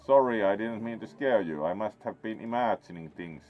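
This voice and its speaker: Playing a game, a man with a low-leaning, animated voice delivers wry, playful let's play commentary at normal speed with hardly any pauses. He's a gaming host, and the dull lo-fi audio carries faint game music behind him.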